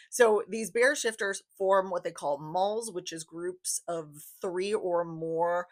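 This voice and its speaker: A woman's voice: fairly low pitch, slow, hardly any pauses. A young adult woman giving a casual book review, chatty and enthusiastic, repeating phrases for emphasis.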